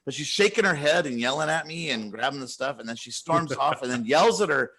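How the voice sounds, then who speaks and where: A man co-hosting a casual podcast, retelling a story in a rambling, animated way with many restarts. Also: a little high, fairly quick, husky. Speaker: podcast co-host.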